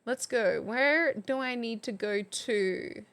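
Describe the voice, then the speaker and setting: A woman's voice: on the high side, takes it slowly, fairly bright tone, smooth. A young woman, chatting on a live stream, reading viewers' messages aloud and laughing often. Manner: reads chat entries aloud, laughs often. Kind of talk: casual live-stream chat.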